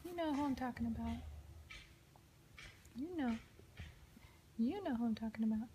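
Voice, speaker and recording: A young mother coaxing her baby in gentle baby talk, often dropping to a half-whisper. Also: on the high side, lively intonation, normal speed, slight background noise.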